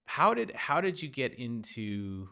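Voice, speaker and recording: A man's voice: medium pitch, sing-song, unhurried, creaky, background noise. A man hosting a casual interview, laid-back and chummy, trailing off as he reads questions. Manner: laid-back and chummy, drifts off when reading. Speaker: interview host. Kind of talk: casual chat.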